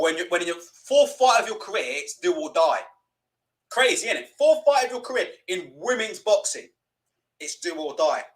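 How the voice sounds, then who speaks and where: Young man, casual stream host, sweary and mocking, high, lively voice. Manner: sweary, mocking, laughs a lot. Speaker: livestream host. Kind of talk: casual live boxing watch-along commentary.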